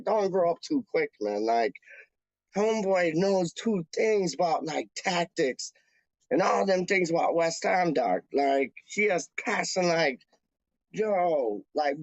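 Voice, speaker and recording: Here a man with a slightly high voice chats to fans of his channel, rambling, using slang and saying things over again. He's in Canada, a time zone off from England, and the dull lo-fi sound is dry with no room tone.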